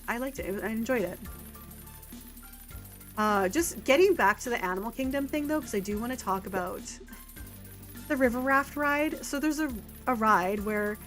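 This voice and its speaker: A woman's voice: a little high, fairly bright tone. A woman streaming a farming game, rambling in casual chat with lots of filler words. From Canada. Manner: rambling and chatty, with filler words and quick laughs. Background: faint game music.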